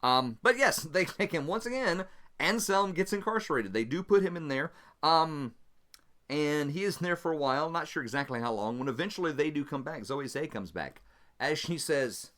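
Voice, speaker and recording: Animated man narrating a solo game. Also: a little high, normal speed. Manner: chatty, animated, laughs easily. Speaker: solo tabletop game player and host. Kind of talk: casual narration of a solo role-playing game.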